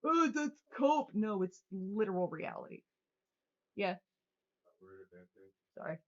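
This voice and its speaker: A woman's voice: mid-range voice, animated, takes it slowly. A young woman rants at her livestream chat, heated and sarcastic, swearing constantly. Her voice sits in a middle register. The stream audio is slightly dull and lo-fi. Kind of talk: angry livestream rant reading chat.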